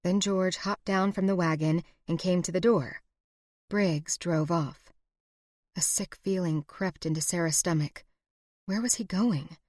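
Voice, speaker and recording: A woman narrating a historical romance audiobook in a steady, expressive reading. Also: fairly low pitch, measured pace, no room sound, clean studio sound. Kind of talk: scripted narration.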